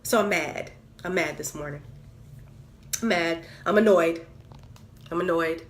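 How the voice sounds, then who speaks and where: A woman's voice: on the low side, measured pace. A woman venting candidly on camera, exasperated and repeating herself with stammered restarts. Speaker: vlogger.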